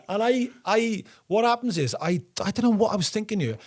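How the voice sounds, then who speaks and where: A Welsh man in middle age co-hosts a casual podcast chat, telling anecdotes with plenty of laughter. His voice sits a little high for a man. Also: normal speed. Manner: animated, laughs while telling stories. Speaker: podcast co-host.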